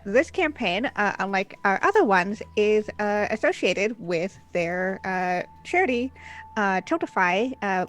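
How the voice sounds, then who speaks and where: Kicking off a tabletop role-play stream, a woman game master delivers the intro and announcements in a mid-range, slightly bright voice. Her tone is cheerful and chatty, packed with filler sounds.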